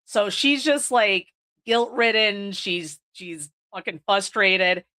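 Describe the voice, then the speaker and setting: A woman's voice: medium pitch, slow, sharp tone. A woman hosting a podcast, recapping a horror movie in a casual way, swearing freely and filling her sentences with "like.". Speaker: podcast host. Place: indoors, recording on video.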